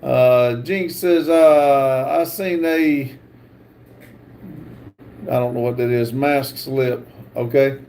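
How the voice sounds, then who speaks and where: A man hosting a livestream, reading viewer comments aloud with halting pauses and fillers. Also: mid-range voice, mellow, a little hiss or hum. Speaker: livestream host.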